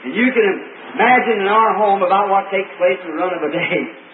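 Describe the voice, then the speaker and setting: A man's voice: sits high, a little fast, a little hiss or hum. A man preaching a revival sermon to a congregation, telling homey stories and rising into fervent exclamations. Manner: folksy storytelling, fervent. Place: meeting hall with congregation. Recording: tinny lo-fi old recording, roomy and distant.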